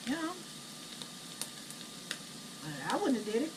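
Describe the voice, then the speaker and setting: A middle-aged woman telling blunt, animated family stories while she cooks at home. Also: on the high side, a little slow. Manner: blunt, chatty, animated retelling. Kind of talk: casual storytelling while cooking. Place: home kitchen. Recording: distant camera mic, noisy kitchen.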